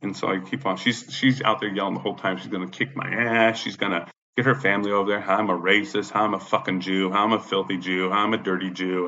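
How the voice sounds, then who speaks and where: A man's voice: deep voice, little pitch movement, fast talker, vocal fry, pushed and bright, a little hiss or hum. A man telling a story about a confrontation with a neighbor, in a heated, profane, casual rant. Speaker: veteran telling his story. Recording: lo-fi dull sound.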